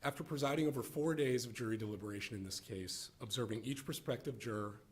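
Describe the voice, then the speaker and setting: A man serving as a government attorney, opening a formal oral argument in a deliberate way. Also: medium pitch.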